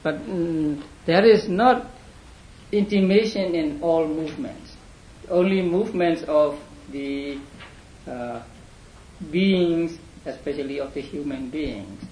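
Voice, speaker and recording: A man teaching a class in a lecture, speaking haltingly with many fillers and repeated words. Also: a little high, darkish tone. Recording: echoey room, faint hum.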